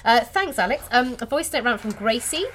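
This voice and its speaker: A woman's voice: fairly high pitch, expressive, brisk, fairly bright tone. Playful, dramatic woman podcaster. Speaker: podcast co-host. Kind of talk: casual chat.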